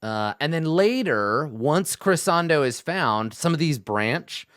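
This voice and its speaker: A man's voice: a little high, expressive, slow, a bit bright, clear, resonant tone, dry recording, studio quality. A man talking as game master, planning a tabletop adventure aloud, thinking things through with restarts. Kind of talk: casual session prep talk.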